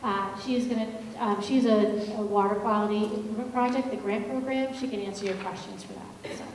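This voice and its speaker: Brisk and steady in tone, a mid-range female voice introduces a panel in a friendly, filler-laden way while moderating a public agency meeting. The recording comes from far off in a large public meeting hall, echoey with a faint hum.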